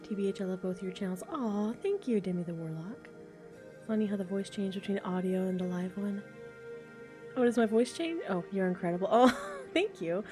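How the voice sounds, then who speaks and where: A young woman who creates ASMR voice recordings chats casually on a live stream from home, reading chat comments, thinking aloud, and laughing often. Her mid-range voice has lively intonation and a moderate pace, with music playing and a train passing outside.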